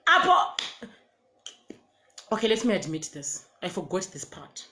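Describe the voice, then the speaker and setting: Zimbabwean woman doing a storytime, mid pitch, animated, laughs a lot, repeats words. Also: unhurried, slight background noise. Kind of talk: casual storytime.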